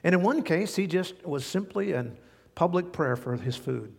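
Animated preaching man in a church hall. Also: high voice, normal speed, vocal fry, breathy edge. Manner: animated preaching, stretches words for emphasis. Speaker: pastor. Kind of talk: sermon. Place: church sanctuary.

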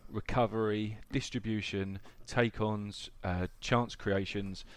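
A man's voice: fairly low pitch, fairly even intonation, slow pace. A man co-hosting a casual football podcast, chatty and rambling, often laughing. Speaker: podcast co-host. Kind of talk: casual chat.

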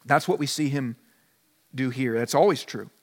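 A man's voice: medium pitch, normal speed. A man preaching a conversational sermon as a pastor, now and then acting out short imagined conversations. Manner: conversational preaching, acts out little dialogues. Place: church sanctuary. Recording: long hall reverb.

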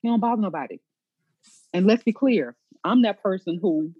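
A woman talking in a casual chat among friends, animated and emphatic, laughing often. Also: mid-range voice, normal speed, slightly rough, low-quality recording.

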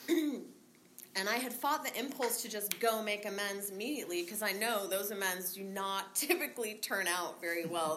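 Woman rambling through her recovery story, swears a lot, laughs, bright voice, little bit of hiss behind. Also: mid-range voice. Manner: candid, swears freely, laughs often; rambling with many fillers. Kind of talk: casual spoken recovery story.

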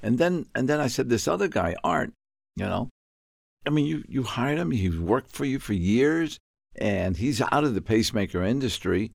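An older man from Puerto Rico, telling a business story in an interview, acting out the dialogue with sudden high outbursts. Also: lively intonation, normal speed, creaky, dry recording, clean studio sound. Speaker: guest.

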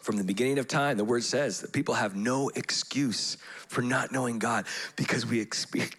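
A pastor preaching a sermon in church, animated, acting out voices in his stories. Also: medium pitch, normal speed.

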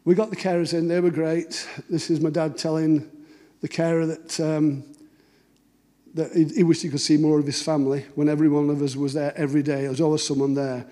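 Middle-aged man, mellow voice. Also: a little high, level tone, a little fast. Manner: conversational, anecdotal, acts out dialogue. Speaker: cartoonist giving a talk. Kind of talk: storytelling talk.

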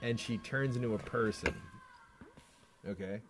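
A man hosting a casual podcast, joking loudly and bursting into laughter while drinking. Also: unhurried, music in the background. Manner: loud laughing, jokey, swooping pitch. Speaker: podcast host. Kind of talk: drunken casual chat.

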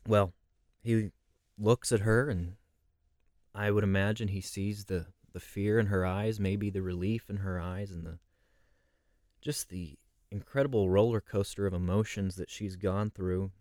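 Low-ish guy leading a bible study, reflective, lots of rhetorical questions, dry sound. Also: steady tone, measured pace, a little mellow, no room sound. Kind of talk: conversational Bible study teaching.

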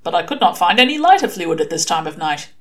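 A woman's voice: lowish voice, big pitch swings, fast talker, a bit bright. A woman voicing a proud old male tramp who eats fire, speaking in grand, old-fashioned phrases in a storybook reading. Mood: grandly courteous.

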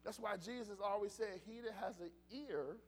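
A man with a strikingly high voice preaches in a loose, conversational way. He talks animatedly, repeats words and starts his phrases over as he goes. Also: normal speed, slight background noise. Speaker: pastor. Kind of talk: casual sermon.

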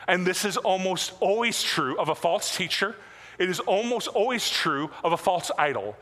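A man's voice: high-pitched, expressive, moderate pace, a bit bright. A man preaching a sermon as pastor, conversational and self-deprecating, with casual asides. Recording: long hall reverb.

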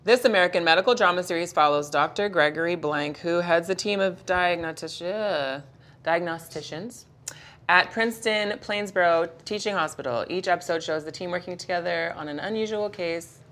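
A woman's voice: on the low side, moderate pace, fairly bright tone. A woman co-hosting a podcast, reading show descriptions aloud as quiz clues in a casual, easy manner. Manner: reads clues steadily, laughs easily. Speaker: podcast co-host running a quiz.

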